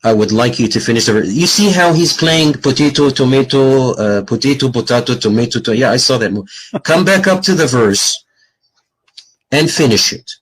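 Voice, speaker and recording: Husky, taunting man in a debate room. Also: medium pitch, normal speed, rough recording. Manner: taunting, lively, lecturing. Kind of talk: live online debate.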